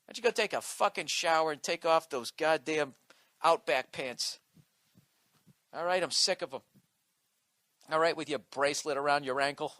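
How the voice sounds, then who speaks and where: A man's voice: on the high side, normal speed, pauses often, a bit bright, no echo. A male comedian delivering a profane, combative comedic rant on his podcast.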